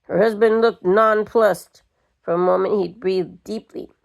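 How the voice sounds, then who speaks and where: An older woman reading a short story aloud in a slow, measured way. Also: medium pitch, fairly even intonation, gravelly. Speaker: reader.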